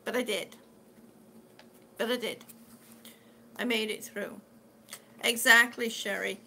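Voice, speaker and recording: A woman's voice: on the high side, fairly even intonation, slow, creaky, bright, forceful tone, a little hiss or hum. A middle-aged woman chatting casually on her live stream, rambling and answering viewers' comments as she goes. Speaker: vlogger living with lung disease.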